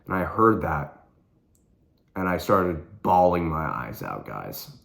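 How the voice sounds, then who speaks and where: A man's voice: low voice, very animated, slow pace, vocal fry, a bit bright. A young man vlogging, telling a personal story with earnest intensity and repeating phrases for emphasis.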